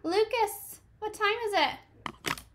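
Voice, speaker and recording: A woman's voice: very high-pitched, slow pace, noisy background. A young woman teacher reading a picture book aloud to her class and chatting with the children, encouraging and full of ums and likes.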